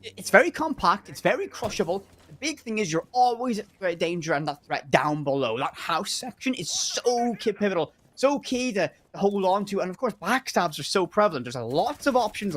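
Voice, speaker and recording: Irish guy casting esports live on a headset, highish voice, hypes things up. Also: a little fast, few pauses. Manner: energetic, emphatic, repeats words for stress. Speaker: esports caster.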